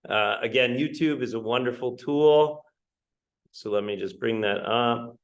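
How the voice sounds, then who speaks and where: A man's voice: mid-range voice, unhurried, lo-fi sound. Man, English teacher, live online lesson, conversational, frequent "right?", greets viewers. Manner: conversational, keeps asking "right?"; greets viewers by name mid-talk.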